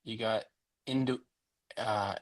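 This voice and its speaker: A man on a podcast, running through a list in unhurried casual chat. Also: fairly low pitch, steady tone.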